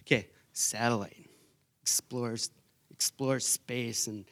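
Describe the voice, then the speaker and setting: A young man sharing a church testimony. He is an animated, self-mocking storyteller who uses many filler words. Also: medium pitch, slow. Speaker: retreat participant sharing testimony.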